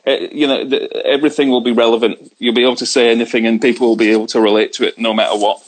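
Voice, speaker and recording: An easygoing man from the UK chats as a guest on a live video call, holding the phone himself. His voice sits at a middling pitch, and he talks in a wry, meandering way. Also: flat delivery, racing, rough recording. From United Kingdom. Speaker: guest comedian. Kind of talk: casual video chat. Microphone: handheld phone on video call.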